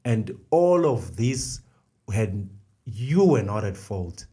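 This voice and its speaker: A man's voice: on the low side, very animated, slow pace, mellow. A middle-aged man co-hosting a faith podcast, explaining ideas step by step and repeating the key phrases. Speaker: podcast co-host. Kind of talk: conversational faith discussion.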